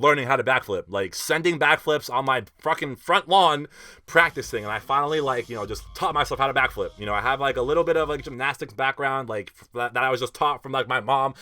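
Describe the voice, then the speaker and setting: A young man telling a festival story in a casual vlog, animated and slangy, with lots of fillers and swearing. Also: medium pitch, fast, dry recording.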